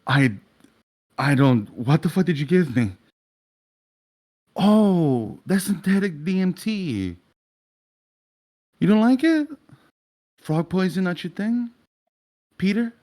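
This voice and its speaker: A man's voice: mid-range voice, lively intonation, normal speed, a little mellow, slightly rough. A man voicing a flirtatious, menacing male assassin with a teasing, taunting manner.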